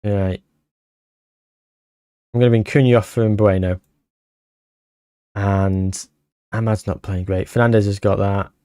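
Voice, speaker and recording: A man commentating his football management game as he plays, anxious and short of breath, bursting into excited shouts at near misses. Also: on the low side, measured pace, long pauses, no room sound, clean studio sound. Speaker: gaming YouTuber.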